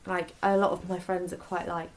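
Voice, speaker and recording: Gravelly-voiced young woman, candid and sweary. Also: fairly low pitch, little pitch movement, a little mellow. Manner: rambling, sweary, halting with many restarts. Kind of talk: casual confessional chat.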